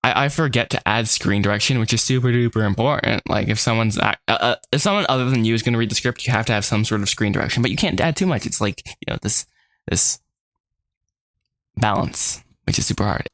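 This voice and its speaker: A young man vlogging about his animated film in a rambling, chatty, self-deprecating way, speaking into a desk microphone at home. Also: lowish voice, a little fast, no room sound. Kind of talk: casual work vlog.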